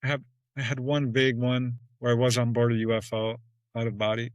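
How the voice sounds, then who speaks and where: A man in a relaxed interview who tells his stories with plenty of animation. He acts out the dialogue and jumps up in pitch when he quotes, with frequent little laughs. His voice sits in a middle register, recorded close and dry with no room sound. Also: fairly quick, no echo, lo-fi sound. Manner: laughs often between phrases. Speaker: podcast guest. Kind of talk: casual storytelling in an interview.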